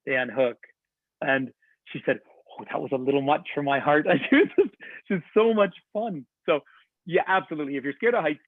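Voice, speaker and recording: A man's voice: a little high, no room sound. A man working as a tour director, giving an enthusiastic, chatty webinar presentation. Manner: chatty, enthusiastic storytelling with laughs. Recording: tinny phone-like line, dry.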